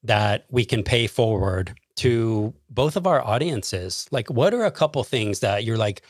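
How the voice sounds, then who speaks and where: A male podcast host with a lowish voice who speaks slowly and deliberately, drawing out his questions. His voice sounds dry and close, with no room around it. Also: expressive, slightly rough, dry recording. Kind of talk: casual interview.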